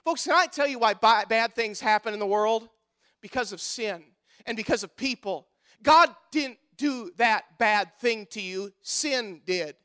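A male pastor preaches a sermon. His voice sits unusually high and rings sharp and bright. He drives his points home with impassioned, repeated refrains. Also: unhurried, smooth.

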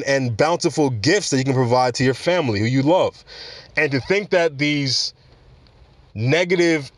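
A man's voice: mid-range voice, no room sound. Young guy podcasting, chatty and rambly, talks right to the listeners, dry close sound. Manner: rambling, conversational, addresses listeners directly. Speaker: podcast host. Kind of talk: casual commentary.

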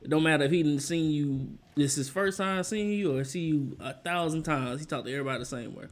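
A young man in casual chat, an animated storyteller who laughs often. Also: a little high, fairly quick.

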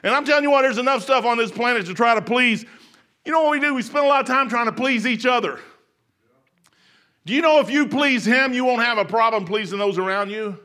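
An older pastor preaches in a church, folksy and chuckling at his own stories. His voice sits high and carries a bright, forceful edge, rising to shouts and sinking to near whispers. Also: a little fast. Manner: folksy, laughing, swings from shouting to hushed. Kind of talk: sermon. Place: church sanctuary.

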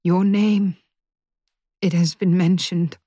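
A woman voicing a grieving, drunk older mother who speaks in a low, thick voice through tears. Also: fairly even intonation, slow pace, warm tone, slightly rough, dry recording, studio quality. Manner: sobbing, breaking off mid-sentence. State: crying. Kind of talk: audiobook character voice.

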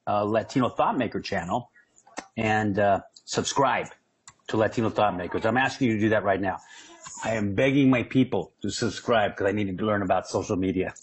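A man from San Diego, a comedian guest, telling animated, jokey stories in a casual interview with frequent restarts. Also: lowish voice, moderate pace, slight background noise, rough recording. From San Diego, California.

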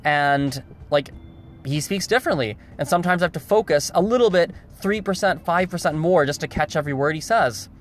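A man's voice: a little high, lively intonation, a little fast, a little hiss or hum. Male vlogger, casual monologue, emphatic with lots of restarts. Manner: emphatic, repeats words, restarts often. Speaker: video host.

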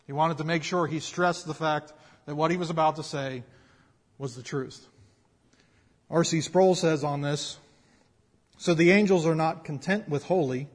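A man preaching a sermon in a conversational, emphatic way, often checking in with his listeners. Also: fairly high pitch. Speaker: pastor. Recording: long hall reverb.

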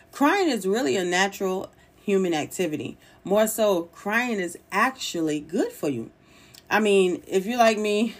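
A woman hosting a solo podcast in an easygoing, chatty way. Her pitch sits in an ordinary middle range. She sounds encouraging and informal, slipping in small laughs. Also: a little mellow. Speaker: podcast host. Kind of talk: casual solo podcast talk.

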